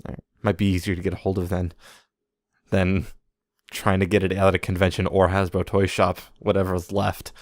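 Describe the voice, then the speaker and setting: A man's voice: deep voice, completely flat delivery, normal speed, no echo, clean studio sound. A man co-hosting a podcast, running through toy news in a casual chat and slipping in puns. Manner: reads news items, jokey puns. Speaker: podcast co-host.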